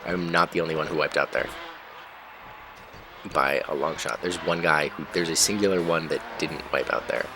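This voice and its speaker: A man giving casual, rambling commentary while playing a racing game, breaking off to react loudly whenever he crashes. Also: very deep voice, fairly even intonation, moderate pace, noisy background. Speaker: gaming channel host. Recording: game music behind voice. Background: game music and engine sounds.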